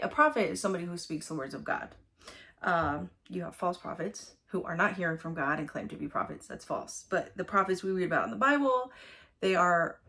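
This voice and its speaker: Woman, casual Bible reflection, rambling, fillers and restarts, lowish voice. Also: pushed and bright. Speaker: vlogger.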